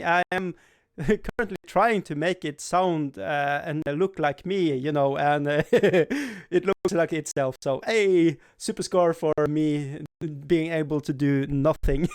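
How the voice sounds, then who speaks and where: A man's voice: on the high side, measured pace, clean tone. A man hosting a casual live stream, rambling, laughing often and swearing playfully while he reads the chat.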